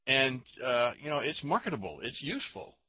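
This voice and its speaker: A man talking in a casual chat, rambling and halting with many fillers. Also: medium pitch, big pitch swings, slightly rough, dry recording, lo-fi sound.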